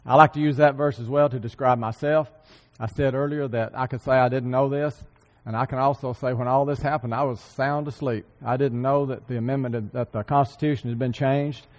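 A man delivers an earnest sermon at a mid-range pitch. He repeats key phrases for emphasis and keeps clearing his throat. His voice carries a long hall reverb, as in a church sanctuary. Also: fairly even intonation, fairly quick. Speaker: church speaker.

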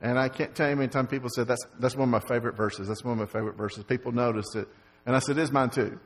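A man's voice: medium pitch, fairly even intonation, racing. A man preaching a sermon, stumbling over repeated words and fillers, then rising to stress key lines. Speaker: pastor. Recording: long reverb of a large hall.

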